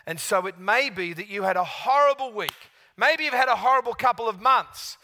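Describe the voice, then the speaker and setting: A male pastor gives a sermon in a high, bright voice. His delivery is chatty and lively, full of little restarts as he tells his stories. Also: moderate pace.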